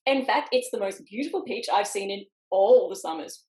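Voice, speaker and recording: Lively woman reading a children's story. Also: mid-range voice, moderate pace, reverberant. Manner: animated, switches between character voices. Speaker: picture book author reading to children. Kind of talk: storytime read-aloud. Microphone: video call.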